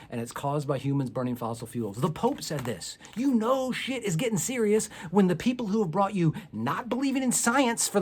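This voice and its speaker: Middle-aged male stand-up, sarcastic and profane, ranting into a camera outdoors on his porch, slightly high voice. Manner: sarcastic, ranting, profane, rising to loud outbursts. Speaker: stand-up comedian. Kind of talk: stand-up set without audience.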